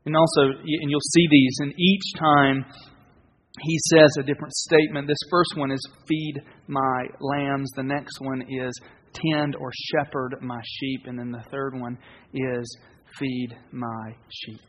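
A man preaching a sermon as pastor, earnest and conversational, with pauses and restarts. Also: medium pitch, level tone. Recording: dull, reverberant hall sound.

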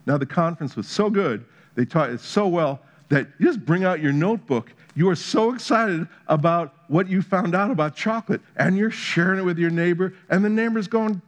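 A man's voice: a little high, normal speed. A man preaching a sermon, telling a playful story with humor that builds to emphatic points. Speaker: pastor.

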